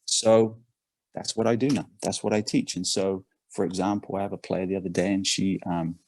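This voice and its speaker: An English man, a performance coach, tells an animated story in a podcast interview, often repeating his words. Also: low voice, moderate pace, a little hiss or hum. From England.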